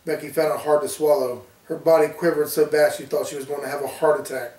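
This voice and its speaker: A man reading his own horror story aloud with a steady storytelling delivery. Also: on the high side, fairly quick, few pauses. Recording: roomy, distant from mic.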